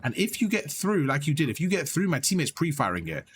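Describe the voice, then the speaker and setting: A young man giving blunt, animated coaching on gameplay, swearing freely as he explains. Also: on the high side, fast talker, a little hiss or hum. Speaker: gaming coach. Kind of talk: casual coaching over gameplay.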